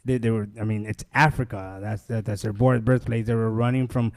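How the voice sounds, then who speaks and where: A man's voice: on the low side, steady tone, a little fast. A young man hosting a podcast, telling a story in casual chat, swearing freely and acting out other people's lines. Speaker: podcast host.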